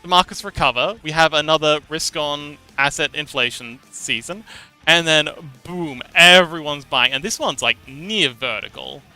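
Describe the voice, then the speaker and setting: Bright, clear-voiced man chatting casually. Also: on the high side, normal speed, faint music behind. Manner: rambling, repeats words, laughs often. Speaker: livestreamer. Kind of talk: casual explanatory chat.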